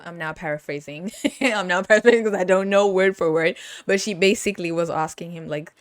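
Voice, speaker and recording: Brief: woman host, giggly and animated, lowish voice, dry close sound. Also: a little fast, dry recording. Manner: giggly, animated, laughs often. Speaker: podcast host. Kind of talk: casual movie review chat.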